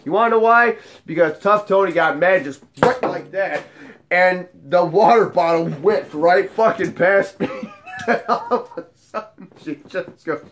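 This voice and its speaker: A man who works as a nightclub bouncer, telling funny bar stories in a casual, profane, animated way. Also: high-pitched, unhurried, background noise. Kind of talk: casual storytelling vlog.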